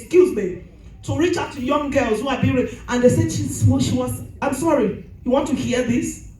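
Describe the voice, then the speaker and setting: High-voiced preaching woman in an echoey hall. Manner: shouting, preaching with rising fervor. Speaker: pastor. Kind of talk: sermon.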